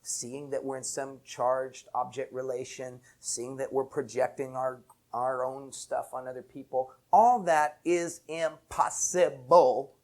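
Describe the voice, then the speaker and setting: A man's voice: medium pitch, unhurried, hardly any pauses. A man, an enneagram teacher, telling a reflective story with bursts of laughter. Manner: animated anecdote with laughter.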